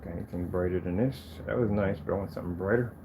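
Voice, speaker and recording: A man testing and showing off his own projector screens, talking casually to the camera and to himself, proud and quick to defend his product. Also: low-pitched, noisy background. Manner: animated, talks to himself as he browses.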